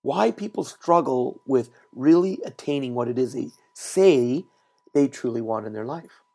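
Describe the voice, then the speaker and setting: A male podcast host speaking at a middling pitch with a gravelly, fry-tinged edge. He tells stories in an animated way and repeats key words for emphasis. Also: unhurried. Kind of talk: solo motivational podcast talk. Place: recorded while traveling.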